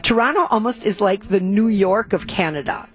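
A chatty woman talks casually as a guest on a TV show. She sounds upbeat, often restarts her sentences and speaks at a middling pitch. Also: moderate pace. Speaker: travel show host, guest. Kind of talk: casual TV chat.

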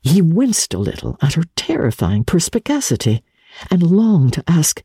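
An audiobook narrator giving a measured, expressive reading of classic literary fiction into a studio microphone. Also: medium pitch, gravelly, breathy edge, no echo.

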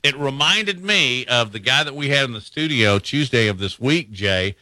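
A man hosts a casual sports talk show in a folksy, opinionated way, laughing easily. His voice is bright and forward. The sound is dry and close to the mic. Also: medium pitch, lively intonation, moderate pace, no room sound. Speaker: sports radio host.

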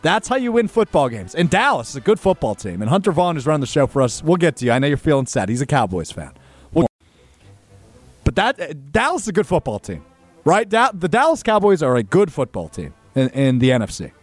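A man's voice: fairly high pitch, huge pitch swings, a little fast, no echo, faint music behind. A man hosting a sports radio show, talking in an emphatic, opinionated and conversational way.

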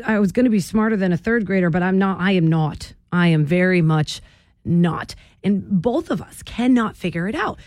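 A woman's voice: lowish voice, a little mellow, no echo. A woman hosting a morning radio show, chatting with listeners in a bubbly way and laughing often. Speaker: radio host. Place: radio studio.

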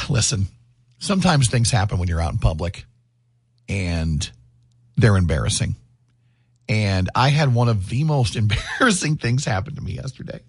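A man's voice: on the low side, moderate pace, long pauses, slightly rough, no room sound, studio quality. A middle-aged man, co-hosting a morning radio show and telling stories in casual banter. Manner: chatty storyteller, animated, laughs easily.

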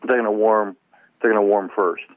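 A man's voice: on the low side, steady tone, brisk, no room sound. A man calling in to a radio show as a fishing expert, explaining earnestly with frequent restarts. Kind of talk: phone-in radio interview. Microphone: telephone. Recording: tinny phone line.

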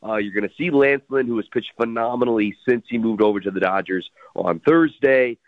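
A man calling in to a sports radio show as a guest, talking baseball quickly and energetically with lots of detail. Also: medium pitch, no echo. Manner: quick, energetic, packed with stats. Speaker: radio host, guest analyst. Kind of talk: sports radio call-in analysis. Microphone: phone. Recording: tinny phone line.

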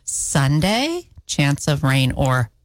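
A woman's voice: sits low, very animated, drawn-out words, no room sound. A woman co-hosting a morning radio show, dry and teasing, reading the weather from a studio mic. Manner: dry, teasing, matter-of-fact. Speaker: radio co-host and weather reader. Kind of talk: casual on-air banter. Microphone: studio microphone.

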